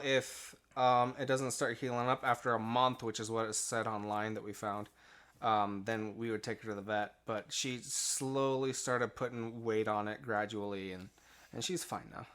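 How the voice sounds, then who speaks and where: A man's voice: mid-range voice, fairly even intonation, moderate pace, a bit bright, smooth. A man co-hosting a casual podcast chat, talking close to the mic in a rambling, hesitant way with many restarts. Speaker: podcast co-host.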